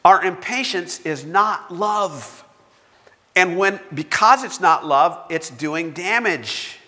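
A man's voice: high voice, expressive, takes it slowly, pushed and bright. A man preaching a sermon, telling stories with self-mocking humor. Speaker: pastor. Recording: long reverb of a large hall.

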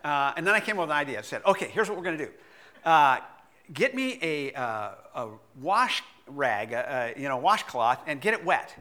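A middle-aged male pastor tells a story from the pulpit in a high, bright voice. He is an animated storyteller who laughs often as he talks. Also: moderate pace. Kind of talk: sermon with a personal story.

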